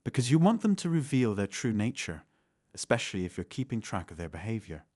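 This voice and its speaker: Male narrator, low register, measured instructive read, dead-dry booth sound. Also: big pitch swings, darkish tone, dry recording. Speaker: channel narrator. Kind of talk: scripted self-help narration.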